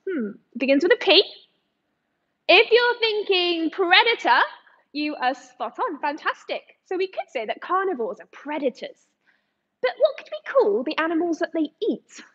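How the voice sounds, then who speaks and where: A woman's voice: extremely high pitch, very animated, moderate pace, a bit bright, highs cut off. A woman from England, an aquarium educator, giving a live lesson to young children in a sing-song, encouraging way, speaking in front of a tank at the aquarium.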